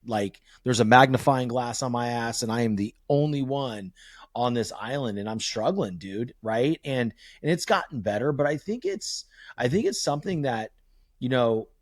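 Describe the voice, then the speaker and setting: A male podcast host with an ordinary, mid-range voice who talks candidly and swears freely. He tells family stories in an animated way. His voice is picked up close and dry on a podcast mic. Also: mid-range voice, no room sound. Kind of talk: casual podcast conversation.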